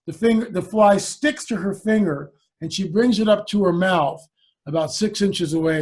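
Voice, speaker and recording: A man, a guest in a conversation, telling a story in an animated way and acting out the lines of the people in it. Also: sits high, moderate pace. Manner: animated storyteller who acts out the quoted dialogue.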